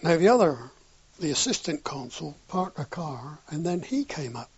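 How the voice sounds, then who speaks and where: A man's voice: a little high, sing-song, moderate pace, a little mellow, husky. An older man telling a wartime anecdote in an oral history interview, acting out the dialogue with a chuckle now and then. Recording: dull lo-fi recording.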